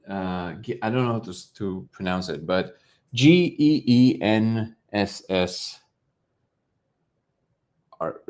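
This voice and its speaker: A man with a fairly low, slightly mellow voice hosts a casual livestream, rambling hesitantly with lots of fillers and restarts. He sometimes drifts away from the mic, so his volume rises and falls.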